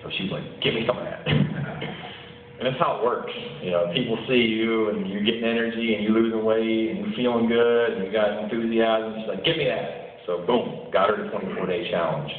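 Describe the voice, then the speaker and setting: Upbeat man telling his story at a meeting; somewhat low voice, heard from afar through a phone-thin, boomy room recording. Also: fairly even intonation, moderate pace, slight background noise. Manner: enthusiastic, storytelling, chuckles often. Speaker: teacher and athletic director giving a testimonial. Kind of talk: personal testimonial speech. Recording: distant, tinny, echoey hall recording.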